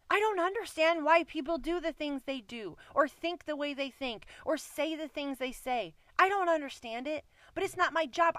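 Woman, devotional speaker, somewhat high and crisp voice, dry close sound, earnest and conversational, emphatic repetition. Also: pushed and bright, no echo. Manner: earnest and conversational, addresses listeners as "you guys"; emphatic, repeats phrases for stress. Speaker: Christian speaker. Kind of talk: devotional message closing in prayer.

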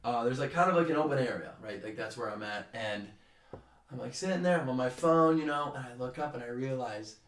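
A man's voice: mid-range voice, fairly quick. Young man telling a rambling story. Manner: rambling, animated, swears freely. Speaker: podcast co-host. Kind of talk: casual storytelling chat. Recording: roomy, distant from the mic.

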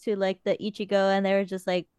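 A woman's voice: mid-range voice, completely flat delivery, fast, a little mellow, smooth, no echo, studio quality. Chatty young woman telling con stories. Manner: chatty storytelling, frequent swearing. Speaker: podcast host. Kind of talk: casual chat.

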